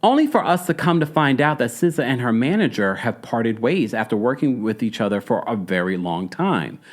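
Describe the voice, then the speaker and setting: Animated Jamaican man chatting to viewers. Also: mid-range voice, fairly quick. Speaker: celebrity news commentator. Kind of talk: casual chat.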